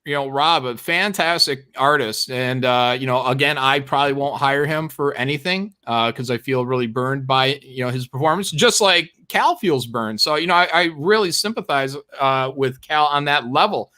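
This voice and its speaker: A man's voice: mid-range voice, normal speed, few pauses, sharp tone, smooth. A man co-hosting a casual livestream chat, talking bluntly with lots of swearing and laughter. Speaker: co-host.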